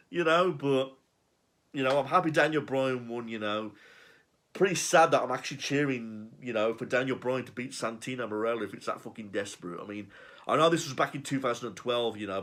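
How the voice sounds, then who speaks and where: A man's voice: on the high side, a bit bright. A man giving a sarcastic, profane, exasperated rant reviewing a wrestling show. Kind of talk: ranting review.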